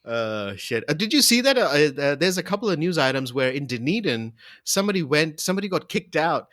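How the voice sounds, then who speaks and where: A man's voice: a little high, sing-song, fairly quick, a bit bright, no echo, clean studio sound. A man co-hosting a casual podcast from home over a call, joking, laughing and swearing as he chats. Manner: swearing, laughing, jokey banter. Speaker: podcast co-host. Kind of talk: casual chat.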